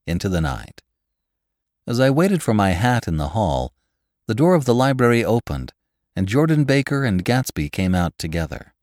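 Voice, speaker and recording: Man, narrator, very low voice, dry studio sound, expressive reading. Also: dry recording. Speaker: audiobook narrator. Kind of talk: scripted narration of a classic novel.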